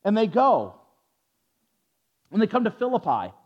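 A man preaching to a group, stumbling over repeated words as he restarts his sentences and stops to ask his listeners questions. His voice sits high for a man. The recording sounds muffled and lo-fi. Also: wildly swooping pitch, a little slow, in a large hall. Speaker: preacher teaching a Bible study. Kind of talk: sermon. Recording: dull lo-fi recording.

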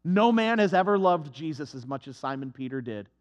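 A man preaching a sermon, swinging from hushed, soft passages to impassioned, raised delivery. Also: fairly high pitch, animated, a little fast, muffled recording.

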